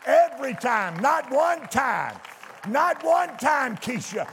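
A man preaching a fervent sermon to his church, shouting out exclamations. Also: very high voice, lively intonation, measured pace, a faint crowd, slight background noise. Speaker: pastor. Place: church sanctuary. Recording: echoey church hall with congregation.

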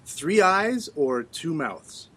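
A man's voice: on the high side, big pitch swings, very slow, a bit bright, breathy edge. Laughing, playful man host. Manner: playful, reads out questions, laughs often. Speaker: podcast co-host. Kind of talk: casual chat.

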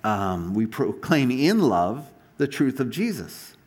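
A man's voice: medium pitch, very animated, slow pace, a little mellow. A man preaching a sermon, telling stories animatedly with frequent restarts and asides. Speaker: pastor.

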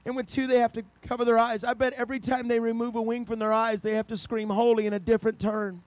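A man preaching an impassioned sermon, swinging from quiet storytelling to shouted, excited passages. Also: very high-pitched, quick pace, dry recording.

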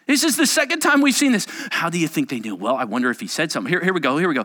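Pastor, middle-aged man, lively sermon delivery, bright ringing voice. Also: fairly high pitch, racing, few pauses. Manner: animated, acts out quotes in varied voices.

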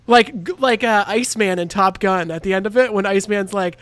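A man's voice: high-pitched, fairly quick, fairly bright tone, dry recording. A man co-hosting a casual movie review chat, swearing freely, laughing often and acting out lines. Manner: profane, laughing, acts out lines. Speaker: podcast co-host.

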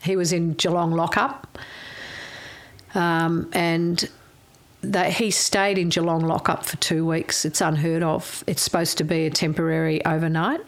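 An older Australian woman telling a candid personal story in a frank, wry, salty way, her voice going a little hoarse. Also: sits low, flat delivery, a little slow. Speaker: interviewee.

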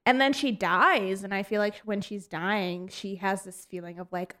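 A woman's voice: medium pitch, steady tone, normal speed, hardly any pauses, a bit bright. A woman co-hosting a casual chat about a film, laughing often and acting out lines. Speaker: podcast co-host.

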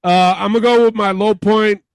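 A man's voice: sits high, fairly even intonation, moderate pace, clean tone, dry recording, low-quality recording. A man co-hosting a podcast in loose, rambling chat with plenty of swearing. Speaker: podcast co-host. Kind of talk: casual chat.

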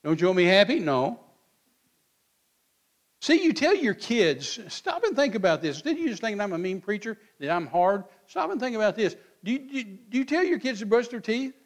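A man's voice: very high voice, very animated, fairly quick, few pauses. A man, preaching in church in a blunt, folksy way and acting out both sides of quoted back-and-forth. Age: 60s. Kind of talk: sermon.

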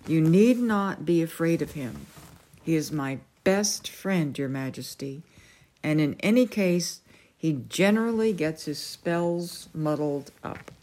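A woman's voice: sits low, animated, slow pace, warm tone. A woman voicing a polite, earnest young boy in a storybook reading.

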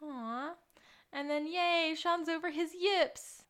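A woman's voice: very high voice, takes it slowly, fairly bright tone. A woman co-hosting a podcast, recapping a TV episode in casual chat and laughing often between remarks. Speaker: podcast co-host.

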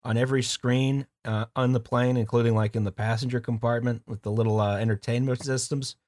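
A man's voice: medium pitch, fairly even intonation, fairly quick, a little mellow, a little hiss or hum. A man co-hosting a casual podcast, explaining things plainly with dry jokes. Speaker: podcast co-host. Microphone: remote call mic.

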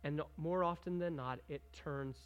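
A pastor's smooth, slightly high voice proceeds a little slowly through his sermon. He talks with the congregation in a conversational way, questioning them and encouraging them to join in, and reads scripture with rising emphasis.

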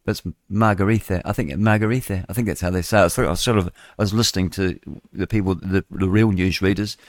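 A man's voice: deep voice, steady tone, fast, no room sound, clean studio sound. An older man hosting live radio, reading the news with chatty, rambling asides. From New Zealand. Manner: chatty, digressive, chuckling asides. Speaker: radio host.

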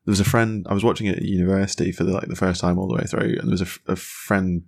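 Gravelly low-voiced man chatting casually. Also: steady tone, very fast, a little mellow. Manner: rambling, enthusiastic, with many fillers and restarts. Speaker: podcast co-host. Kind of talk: casual chat.

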